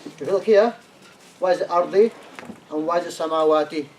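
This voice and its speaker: A man teaching Arabic speaks a little high, a little fast, and a little mellow, constantly asking "yeah?" and getting his students to translate. The classroom recording is distant, with faint noise.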